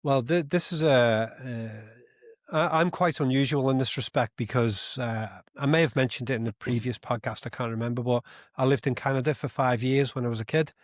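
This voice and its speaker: A man's voice: mid-range voice, moderate pace, no echo, studio quality. A man in his fifties from Britain, a podcast guest in casual conversation who reflects and thinks aloud. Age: 50s.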